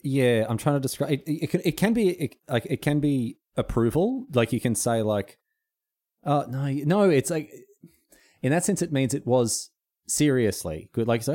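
A man's voice: mid-range voice, expressive, moderate pace, dark tone. An Australian man co-hosting a podcast, chatting casually, explaining things patiently and joking along. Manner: explains carefully, playful, breaks into laughter. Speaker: podcast co-host. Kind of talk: casual chat.

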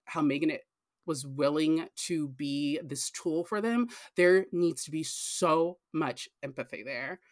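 A woman's voice: low voice, a little slow, no echo, clean studio sound. A woman co-hosting a podcast in casual discussion, earnest and emphatic, repeating phrases for weight. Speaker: podcast co-host.

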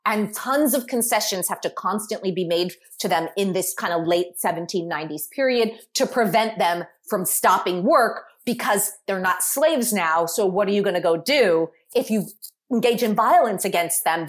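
A woman guest talking through a history topic on a podcast, explaining at length in a lively way with asides. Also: mid-range voice, moderate pace.

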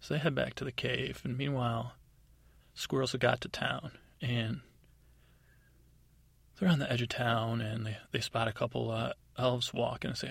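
Rambling man telling a gravelly bedtime story. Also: normal speed, no echo. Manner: rambling, offhand, full of fillers; pops into high, excited voices for the characters. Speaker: podcast storyteller. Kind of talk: improvised bedtime story narration.

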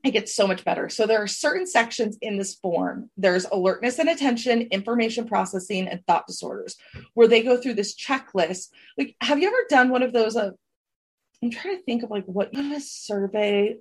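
Husky-voiced woman podcast co-host. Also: a little high, animated, moderate pace. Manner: chatty, laughing, reads from a list. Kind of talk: casual gossip chat.

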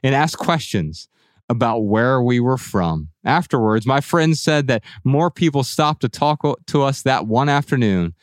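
A man's voice: medium pitch, measured pace, dry recording, studio quality. A man with a Midwestern American accent co-hosting a casual podcast, telling stories and playfully mimicking other people's voices. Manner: animated, playful voices when quoting people. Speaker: podcast co-host.

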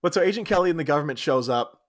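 A man's voice: a little high, lively intonation, rapid-fire. A man co-hosting a podcast, casually retelling a comedy film's plot and acting out characters' lines. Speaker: podcast co-host. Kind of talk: casual comedic movie recap.

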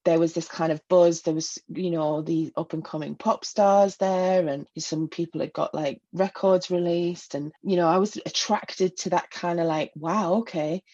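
A woman's voice: on the low side, fairly even intonation, moderate pace, hardly any pauses, mellow, dull audio. A middle-aged woman from England, reflecting on her past in a personal interview, with many fillers and small laughs. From Northeast England. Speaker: guest. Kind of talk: personal interview, recounting memories.

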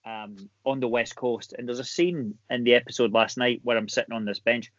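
A Scottish actor talks through his work in a relaxed chat, swinging between quiet asides and bursts of laughter. The sound is dry and a little muffled, with no room echo. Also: medium pitch, a little fast. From Scotland. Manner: animated storyteller, laughs easily. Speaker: actor guest. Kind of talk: casual chat.

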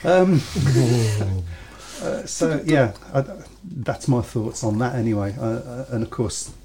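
A man's voice: mid-range voice, animated, slow. A man with a British accent co-hosting a podcast, talking in a rambling way with restarts and chuckles. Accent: British English. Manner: rambling, self-interrupting, chuckling. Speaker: podcast co-host. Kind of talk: casual chat. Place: studio.

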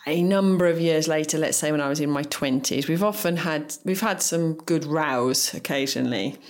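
A woman's voice: low voice, moderate pace. A young adult woman in casual conversation, frank and opinionated, laughing often as she tells stories. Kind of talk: casual chat.

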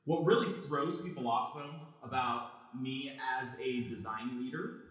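A man speaking at a middle pitch in a relaxed, chatty way, with a touch of self-deprecation. His voice rings out in a strongly echoing room. He sounds like a host easing into conversation with his audience. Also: a little slow, recorded from a distance. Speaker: podcast host and design leader. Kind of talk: conversational podcast talk and live conference presentation. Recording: very echoey room.

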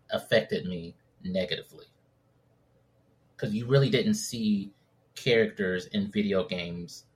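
A man chatting as a podcast guest, thoughtful and halting as he recalls things. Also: on the low side, a bit bright. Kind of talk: casual chat.

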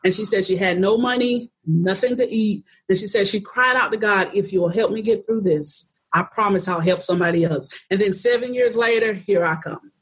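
A middle-aged woman shares her own story as a guest, speaking earnestly and straightforwardly in a soft, breathy voice. She talks plainly and laughs easily along the way. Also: medium pitch, normal speed. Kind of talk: personal storytelling in conversation.

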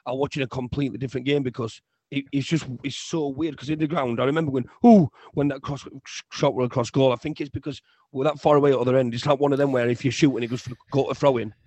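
A young man co-hosting a casual football podcast, ranting in an animated way and often repeating himself. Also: medium pitch, rapid-fire, no echo. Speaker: podcast co-host.

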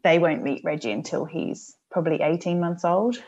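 English woman guest, low gravelly voice, chatty and warm, muffled lo-fi sound. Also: normal speed. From England. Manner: chatty and warm, with fillers like "you know" and "like". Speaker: podcast guest, mother of two young boys. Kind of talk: casual conversation.

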